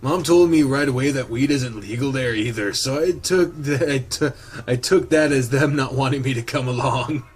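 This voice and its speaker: A man's voice: medium pitch, normal speed, lightly acted. A man voicing a lazy, crude, joking young male goat character.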